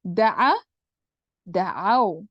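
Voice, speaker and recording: A woman's voice: medium pitch, expressive, drawn-out words, a bit bright, no echo, full character voice. A woman voicing a group of weary ancient desert men as they settle things in a matter-of-fact way. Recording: dull dry lo-fi recording.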